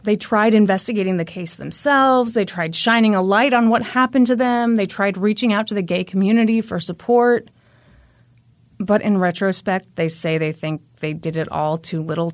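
A woman's voice: medium pitch, no room sound. A woman hosting a podcast, telling a true crime story in a conversational way with wry asides. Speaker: podcast host.

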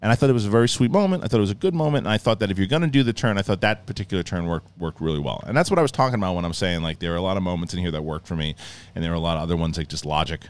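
A middle-aged man giving a casual, rambling review of a show, often acting out scenes in quick mock voices. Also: low-pitched, clean tone.

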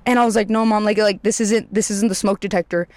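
Rambling, animated storyteller with a dry sound. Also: quick pace, no room sound. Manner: rambling, heavy swearing, filler "like"; animated, jumps up in pitch for quoted panic. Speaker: vlogger telling a storytime. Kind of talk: casual storytelling to camera.

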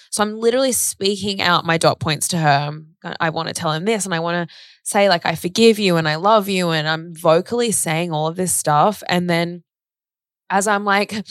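A young woman with a lowish, slightly bright voice, recorded with no room sound, chats on a casual podcast. She rambles through a personal story packed with fillers and acted-out snippets of dialogue.

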